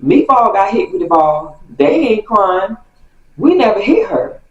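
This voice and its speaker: A defensive boy cousin shrugs off the blame in a flat, dismissive way, as a woman puts him on. The voice sits back from the mic in an echoey room. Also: mid-range voice, unhurried, dull audio, voice pushed up. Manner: dismissive, matter-of-fact. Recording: roomy, distant from mic.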